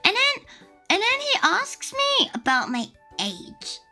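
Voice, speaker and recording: A woman in her twenties from Australia, a VTuber telling a story in casual chat, animated and swearing freely. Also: slow pace, faint music behind. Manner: animated, swearing, mimics people in high voices. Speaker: VTuber streamer.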